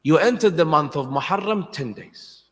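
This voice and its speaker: A man giving an impassioned sermon at a mourning gathering, swinging from soft to loud and putting questions to his audience. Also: fairly high pitch, lively intonation, normal speed. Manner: asks the audience questions directly. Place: large hall with congregation. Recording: long hall reverb.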